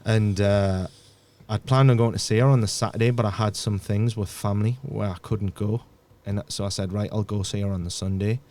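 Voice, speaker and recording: A man with a lowish, mellow voice recounts a hard family memory on a podcast. He speaks haltingly and repeats words, and his voice sinks quietly as the story gets heavier. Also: fairly even intonation. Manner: halting, repeats words, drops to a near-murmur. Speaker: podcast guest. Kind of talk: emotional personal storytelling.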